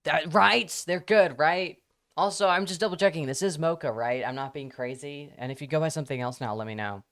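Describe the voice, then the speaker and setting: A live streamer talking casually to their audience at a middle pitch. The talk rambles, breaks into laughter often and drops curse words freely. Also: brisk, a bit bright.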